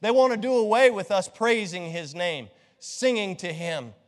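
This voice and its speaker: A middle-aged male pastor preaching a sermon, lively and joking as he quizzes his congregation with rhetorical questions. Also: sits high, normal speed. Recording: long hall reverb.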